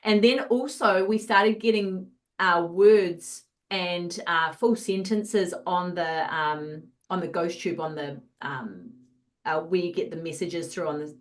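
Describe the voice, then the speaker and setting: Woman, casual storytelling, hesitant fillers, distant mic. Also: fairly low pitch. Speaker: paranormal investigator. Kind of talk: casual chat.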